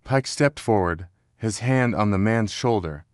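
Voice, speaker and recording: Low, steady male story narrator. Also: dry recording, studio quality. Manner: steady, measured storytelling with quoted dialogue read in the same voice. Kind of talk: scripted narration of a historical story.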